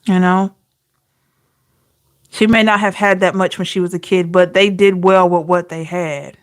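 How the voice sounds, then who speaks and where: A woman's voice: lowish voice, steady tone, a little slow. A woman giving an intuitive tarot reading, emotional and talking straight to her viewers. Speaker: tarot reader.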